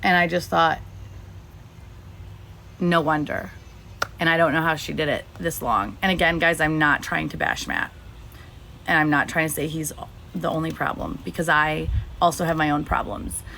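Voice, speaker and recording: A woman's voice: sits low, steady tone, normal speed, gravelly, long pauses, pushed and bright, slight background noise. A woman in her thirties streaming live to viewers, talking through personal matters in a rambling, heartfelt way with many fillers and restarts, a little teary. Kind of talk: emotional personal talk to viewers.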